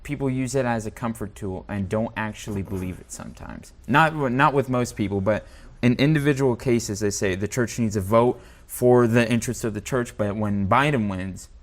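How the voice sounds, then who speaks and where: A man co-hosting a talk show, speaking cautiously and choosing his words carefully. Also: medium pitch. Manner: cautious, measured, searching for words. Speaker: co-host. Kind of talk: casual talk show discussion.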